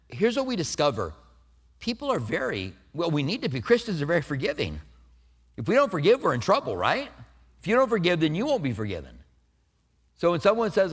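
A middle-aged male pastor preaching in a relaxed, conversational way, with bits of self-deprecating humor. His voice sits a little high and moves through a very lively, swinging melody. He goes from warm explanation to light storytelling without losing the sermon's thread. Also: brisk, creaky.

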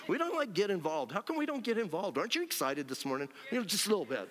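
A man preaching a lively, animated sermon as pastor, acting out scenes and whooping with joy. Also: high voice, quick pace, hardly any pauses. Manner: animated, acts out scenes, frequent shouts of joy. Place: church sanctuary. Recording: long hall reverb.

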